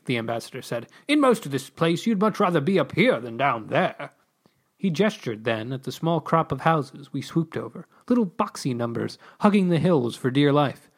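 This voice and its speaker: A man reading his own comic story aloud with exclamations and character voices. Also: breathy edge. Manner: animated, exclaiming, pitch leaps on quoted lines.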